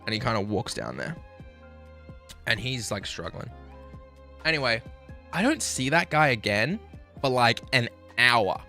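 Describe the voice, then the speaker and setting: Australian male streamer, bright forceful voice, crude animated storytelling, soft music underneath. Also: mid-range voice, a little slow, long pauses. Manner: animated, crude, self-mocking. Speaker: livestreamer. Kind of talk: casual storytelling to stream chat.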